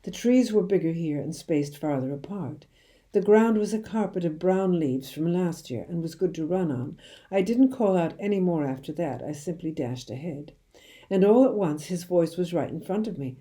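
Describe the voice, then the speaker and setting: Low, mellow woman reading a storybook. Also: lively intonation, moderate pace. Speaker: children's book reader. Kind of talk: reading a children's novel aloud.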